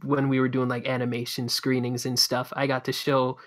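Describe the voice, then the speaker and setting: A man's voice: mid-range voice, monotone, fairly quick, fairly bright tone. A young man from Canada, co-hosting a podcast in a laid-back, chatty way. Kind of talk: casual podcast chat.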